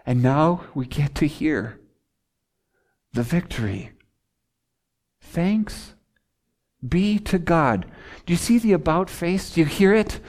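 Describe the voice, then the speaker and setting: A pastor preaching a sermon with dramatic swings between loud, urgent exclamations and hushed, almost whispered lines, often speaking in the first person as a struggling sinner. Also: medium pitch, animated, slow, pauses often.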